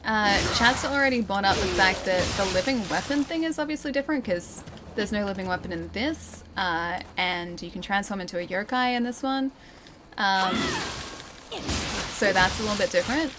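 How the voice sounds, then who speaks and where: A young Australian woman giving casual gameplay commentary as a streamer, chatty, self-deprecating and quick to laugh. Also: mid-range voice, expressive, background noise.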